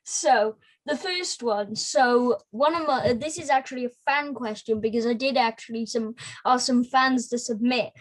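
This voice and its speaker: A woman's voice: on the high side, normal speed, few pauses, low-quality recording. A woman interviewing a guest, hesitant with many restarts, over a video call. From South West Wales. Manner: hesitant, with restarts and eager short replies. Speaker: interviewer, music reviewer. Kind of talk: casual interview.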